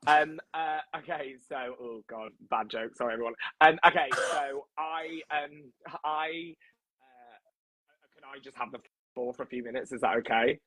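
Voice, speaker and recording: A man's voice: mid-range voice, normal speed, a bit bright, rough recording. A man chatting as a guest on a live stream, gushing and rambling, with lots of "like" and "do you know what I mean.". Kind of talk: casual live chat.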